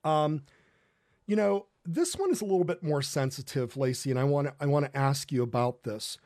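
Man, host, earnest, halting, slightly high voice, dry sound. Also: animated, darkish tone, no echo. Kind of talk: casual faith talk show.

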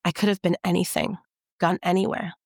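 A woman giving a measured, intimate first-person audiobook narration. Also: fairly low pitch, little pitch movement, gravelly, darkish tone, no echo, clean studio sound.

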